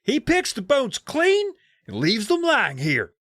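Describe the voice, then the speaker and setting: A man's voice: huge pitch swings, takes it slowly, fairly bright tone, no echo, clean studio sound, heavily acted. A man reading a children's book aloud, voicing a prankster boy who dramatically warns of ghosts. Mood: spooky. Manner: dramatic, wide-eyed, shrill.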